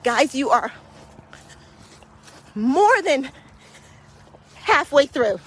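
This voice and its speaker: Woman, fitness coach, high voice, unhurried delivery, out of breath, encouraging, walking outdoors on hills. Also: big pitch swings, a bit bright. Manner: encouraging, motivating. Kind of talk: guided walking workout podcast.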